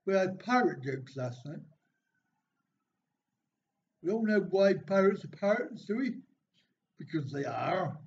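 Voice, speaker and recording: A man's voice: high-pitched, very animated, measured pace, pauses often, darkish tone. A man hosting a casual live stream, reading viewers' jokes from the chat aloud and answering them with dry, self-mocking remarks. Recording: dull, slightly lo-fi stream audio with faint noise.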